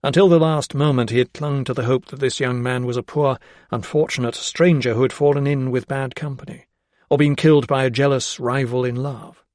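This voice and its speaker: Here a man gives scripted audiobook narration, his storytelling even and measured. The medium-pitched voice is recorded in a clean studio with no room sound.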